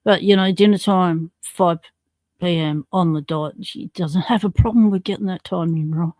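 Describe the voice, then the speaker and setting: A woman's voice: on the low side, moderate pace, a little mellow, dry recording. Chatty Australian woman, dry close sound. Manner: chatty and slangy, reading out viewer comments. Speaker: livestream host. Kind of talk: casual livestream chat.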